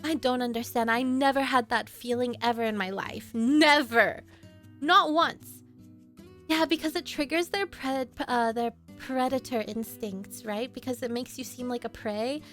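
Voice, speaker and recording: A woman streamer telling a story casually to her chat, animated and laughing often. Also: a little high, a little slow, soft background music.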